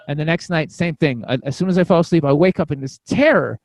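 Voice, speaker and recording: A man with a slightly high voice tells a long personal story on a podcast. He rambles, swears casually and keeps stopping to restart his sentences. The recording is close and dry, with no room echo. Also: quick pace. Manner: rambling, profane, frequent restarts. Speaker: podcast guest, comedian.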